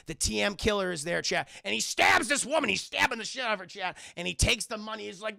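A man's voice: high-pitched, fast, creaky, hardly any pauses, pushed and bright, no echo, studio quality. A man streaming a casual, rambling review of a TV show, swearing often and talking to his chat. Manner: rambling and profane, addresses chat. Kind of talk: casual live-stream commentary.

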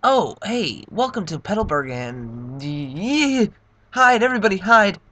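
A young man voicing a boastful, hulking male turtle-dragon king while reading game dialogue aloud, loud and gloating. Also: medium pitch, expressive, moderate pace. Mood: bellowing.

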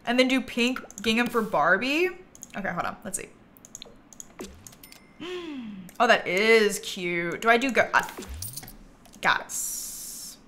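A woman livestreaming a game, chatting casually and thinking aloud, with bursts of giggly excitement. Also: fairly high pitch, slow, pauses often, slight background noise. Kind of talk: casual gameplay commentary.

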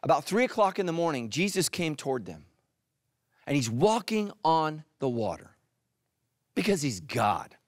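A middle-aged male pastor preaching a sermon, animated, swinging from loud emphatic peaks to hushed, quiet lines. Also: fairly high pitch, normal speed, long pauses, dry recording, clean studio sound. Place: church stage.

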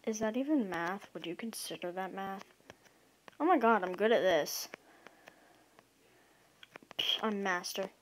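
Woman, gameplay commentary, mid pitch, chatty, excitable, self-mocking, faint background hiss. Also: a little slow, long pauses, rough recording. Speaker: gaming video creator.

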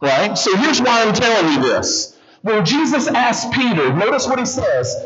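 A man with a fairly high voice delivering an animated sermon to a congregation, often pausing to ask them questions. The recording sounds a little dull, and the crowd in the church is clearly audible behind him. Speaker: guest pastor preaching.

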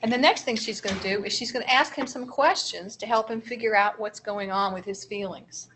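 A woman's voice: medium pitch, brisk, fairly bright tone, a little hiss or hum. A woman presenting a training seminar for early childhood educators, explaining strategies with step-by-step examples in an encouraging manner.

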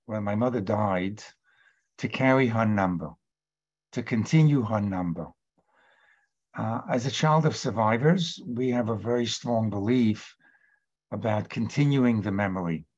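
A man with a fairly low voice moderates an online panel and pauses to share a personal reflection. He speaks unhurriedly and thoughtfully. The sound is dull and lo-fi, like a webinar feed. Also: darkish tone.

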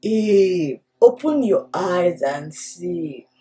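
A woman's voice: fairly low pitch, expressive, drawn-out words, mellow, voice pushed down. Woman playing a sly coaxing serpent. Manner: wheedling, urging, half-whispered. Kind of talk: storytelling for children.

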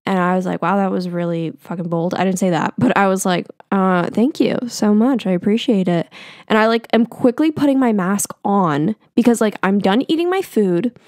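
A woman's voice: medium pitch, moderate pace, darkish tone, dry recording, studio quality. Chatty young woman telling a story. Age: 20s. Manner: chatty, rambling, quotes people in a raised voice. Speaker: podcast host. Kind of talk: casual storytelling.

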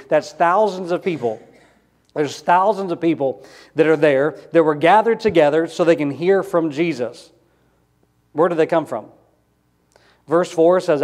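A man in his thirties preaches a Sunday sermon with a slightly high voice. He talks conversationally and keeps asking the congregation questions. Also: darkish tone. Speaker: pastor.

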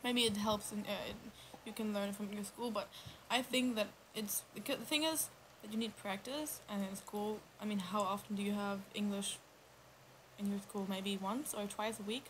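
A woman's voice: medium pitch, steady tone, normal speed, low-quality recording. A young woman talks casually in English on a livestream, thinking aloud as she goes. Her sentences wander and restart, filled with ums and little stumbles. A faint hiss sits under her voice. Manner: rambling, hesitant with many ums and restarts. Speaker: livestream co-host. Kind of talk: casual chat.

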